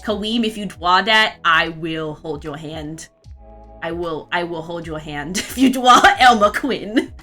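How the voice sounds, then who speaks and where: A woman's voice: fairly low pitch, a bit bright. A young woman chatting casually on a live art stream, rambling with frequent restarts.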